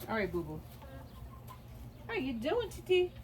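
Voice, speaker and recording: Out by her backyard coop, a homesteader films a casual vlog, playfully teasing her hens and chatting to them like they're kids. Her voice is high with huge swings in pitch, she speaks a little slowly, and there's slight background noise.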